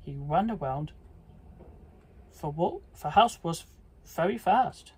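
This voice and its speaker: Very husky, slow storybook reader. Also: mid-range voice, expressive, darkish tone. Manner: slow, halting with small slips. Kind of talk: children's read-aloud.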